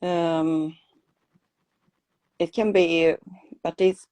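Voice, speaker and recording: A woman being coached, hesitant and halting, stumbling and restarting as she answers. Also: lowish voice, fairly even intonation, a little mellow, dry recording. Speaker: coaching client. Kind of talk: one-on-one coaching session.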